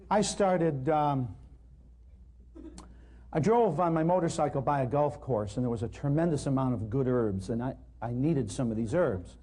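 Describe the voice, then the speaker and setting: A man's voice: mid-range voice, unhurried, pauses often, warm tone. A man giving a natural healing talk to a live audience, telling humorous, self-deprecating stories.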